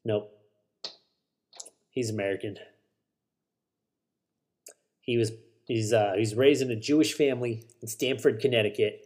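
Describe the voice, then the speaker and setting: A man's voice: mid-range voice, fairly even intonation, a little slow, pauses often, a little mellow. A man hosting a solo podcast, rambling casually about shows and movies, swearing and correcting himself as he goes. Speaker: podcast host.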